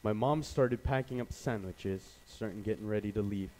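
A young man preaching a sermon, telling a personal story and then speaking quietly and earnestly to the congregation. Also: lowish voice, normal speed, noisy background. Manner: storytelling, voices his dad loudly, then quiet and earnest.

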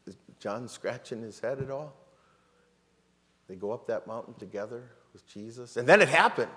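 A man's voice: medium pitch, fairly bright tone. A man preaching a sermon as pastor, retelling a story dramatically with many rhetorical questions and repeated words. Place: church sanctuary. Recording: long church reverb.

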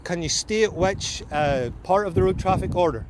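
A man's voice: high-pitched, animated, normal speed. A Northern Irish man in his forties, a driver at a police stop, arguing insistently in formal pseudo-legal phrases, outdoors in the rain. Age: 40s. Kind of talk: argumentative roadside exchange. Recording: loud wind and traffic noise.

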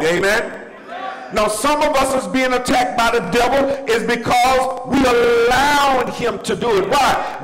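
Middle-aged male preacher with a very high voice, shouting call-and-response questions, in a church hall with long reverb. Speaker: pastor. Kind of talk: preaching a sermon. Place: church sanctuary.

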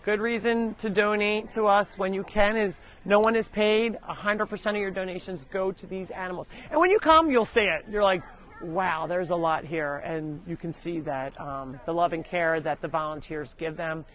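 A woman hosting a live show from her animal sanctuary, chatting casually outdoors and loudly scolding the animals. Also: fairly low pitch, normal speed. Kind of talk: casual live-stream chat. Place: outdoors on a farm among animals.

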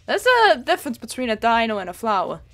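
A woman's voice: fairly high pitch, expressive, quick pace, faint music behind. A young woman streaming a game, chatting playfully, giggling and making silly noises. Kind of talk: casual chat while gaming.

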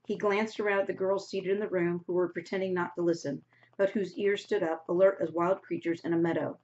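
A woman's voice: lowish voice, fairly even intonation, fairly quick, darkish tone. A woman teacher reading a novel aloud to her class, stopping now and then to explain words in a casual way. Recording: dull lo-fi recording.

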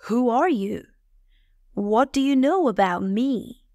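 Storybook: woman reads a proud tormented gentleman, slow and dry. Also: a little high, animated, no room sound, highs cut off. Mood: tense. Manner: plain, slow, measured reading. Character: proud anguished man, master of the house.

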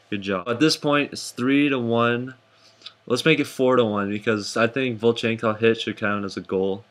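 A young man casually recapping hockey games for his vlog, jokey and excitable, with sudden high whoops. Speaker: hockey fan vlogger.

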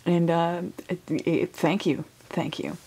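A young woman, a college student, whispering softly through a casual unboxing vlog, giggling often and swearing offhandedly. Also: fairly low pitch, level tone, takes it slowly, slight background noise. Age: young adult.

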